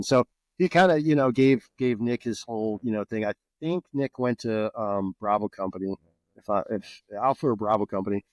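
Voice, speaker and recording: A man's voice: fairly low pitch, moderate pace, no room sound. Man from New Jersey telling stories casually. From New Jersey, USA. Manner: swears freely, animated storytelling. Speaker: podcast guest, former soldier. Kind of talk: casual storytelling.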